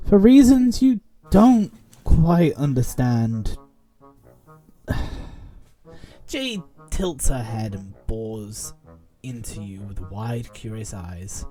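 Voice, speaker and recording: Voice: mid-range voice, warm tone. A co-host reading second-person narration from a visual novel aloud, with wry asides.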